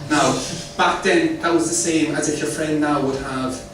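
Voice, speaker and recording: A man's voice: on the high side, fairly even intonation, moderate pace, fairly bright tone, slight background noise. A man from the west of Ireland with an Irish accent, doing a chatty, rambling stand-up set and quizzing the crowd. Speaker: stand-up comedian. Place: comedy club. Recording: echoey club from far off.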